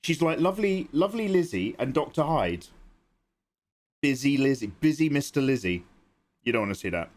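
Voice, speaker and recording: A man's voice: medium pitch, very animated, normal speed, long pauses, darkish tone. A man livestreaming his digital drawing, rambling and joking as he talks to his chat. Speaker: art livestreamer.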